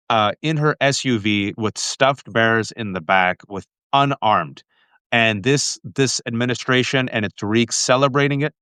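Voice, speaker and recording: A man hosting a political talk show, speaking with passion in quick bursts and calling his viewers folks. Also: medium pitch, a bit bright, clean tone, dry recording. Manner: impassioned, fast bursts, addresses viewers as folks. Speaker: podcast host.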